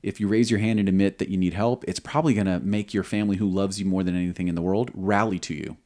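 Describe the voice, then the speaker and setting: Earnest man with a very deep voice. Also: fast talker. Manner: earnest, steady reasoning. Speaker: podcast co-host, former squadron commander. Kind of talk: reflective faith talk.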